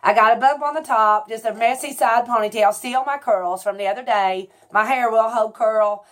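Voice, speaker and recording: A woman's voice: fairly high pitch, normal speed. A woman in her forties talking casually to her viewers at home, in a rambling, confessional way that keeps correcting itself. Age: 40s. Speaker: vlogger. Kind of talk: casual chat.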